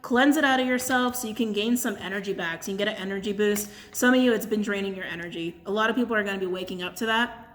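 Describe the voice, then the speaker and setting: A woman's voice: medium pitch, quick pace. Chatty, blunt woman giving a reading. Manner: chatty, laughs often, blunt and swearing. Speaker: tarot and crystal reader. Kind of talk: casual channeled reading to camera.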